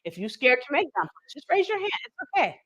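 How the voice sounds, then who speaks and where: A woman's voice: sits high, big pitch swings, quick pace, fairly bright tone, no room sound, dull audio. A woman hosting a live cooking stream, chatty and folksy, talking straight to her viewers with teasing asides. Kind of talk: casual live cooking demonstration.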